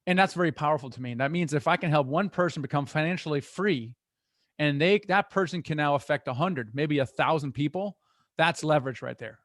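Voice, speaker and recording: A middle-aged man talking as a guest in an interview, earnest and animated as he tells stories. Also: on the high side, fairly quick, no room sound, clean studio sound. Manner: earnest, animated storytelling with restarts. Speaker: guest, real estate investor. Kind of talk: conversational interview.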